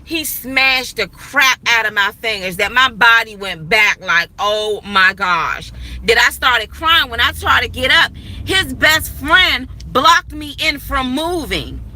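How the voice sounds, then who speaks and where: Filmed on her phone as she rides outdoors in a vehicle going under a bridge, a woman in her thirties shares a personal story with her viewers in a forceful, repetitive manner. Her voice is high, bright and expressive, and she keeps a measured pace. It's a low-quality recording.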